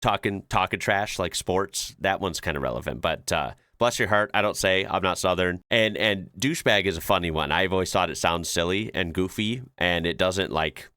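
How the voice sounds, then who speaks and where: A man's voice: low voice, moderate pace, hardly any pauses, sharp tone, no room sound, clean studio sound. A man hosting a reaction video, chatting casually with lots of fillers and laughs. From United States. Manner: laid-back, chuckles often, explains with many fillers.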